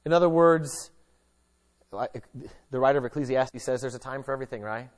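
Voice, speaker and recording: A man's voice: medium pitch, a little fast. A casual, joking middle-aged man preaching. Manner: casual and joking, shifting between lively emphasis and hushed earnestness. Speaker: pastor. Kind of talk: conversational sermon.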